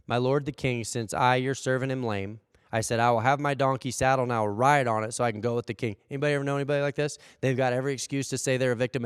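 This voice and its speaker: A man preaching a sermon as pastor, animated, acting out the people he quotes. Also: mid-range voice, clear, resonant tone, no echo, clean studio sound, big-room sound. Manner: animated, acts out quoted voices. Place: church hall.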